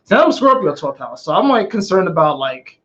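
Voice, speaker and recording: A man's voice: high-pitched, sing-song, a little fast, fairly bright tone. A young man from Georgia with a faint Southern accent, chatting animatedly and laughing a lot beside his partner. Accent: faint Southern American. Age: young adult. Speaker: co-host partner. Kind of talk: casual chat. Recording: lo-fi dull sound.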